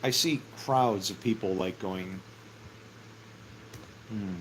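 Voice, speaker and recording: A middle-aged man with a gravelly, creaky voice talks slowly and loosely about faith, drifting between thoughts. He chuckles often and drops casual curses. A faint hum of ambience sits behind him. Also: medium pitch, animated, a bit bright, rough recording. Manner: rambling, laughs often, casual swearing. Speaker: vlogger. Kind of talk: casual spiritual musing.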